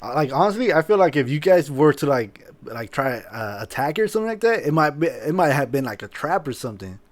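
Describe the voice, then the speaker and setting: A man's voice: a little high, sing-song, brisk. A man guesting on a podcast in casual chat, mostly giving brief replies and asking short questions. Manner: brief backchannel replies, easy laughter. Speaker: podcast guest, former coworker.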